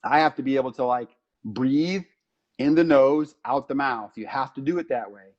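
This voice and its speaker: A man on a podcast explaining anxiety in a casual, animated way, acting out little stories as he goes. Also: mid-range voice, normal speed, highs cut off. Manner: animated storytelling with acted-out quotes. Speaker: podcast co-host explaining psychology.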